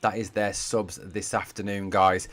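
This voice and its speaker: A man's voice: lowish voice, little pitch movement, measured pace, fairly bright tone. A man from Durham with a northeast English accent, hosting a live football watch-along from home and chatting to viewers as he reads their comments. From Durham, northeast England. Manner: chatty, addresses viewers as mate and guys. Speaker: football fan channel host. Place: home room being packed up for a move.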